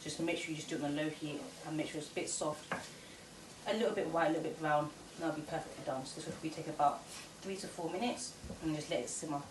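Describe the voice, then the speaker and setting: In her home kitchen, a young woman with a low voice talks fast as she demonstrates a recipe, chatty and self-deprecating, full of fillers and little laughs. She's a cooking vlogger, and the recording picks up plenty of kitchen noise.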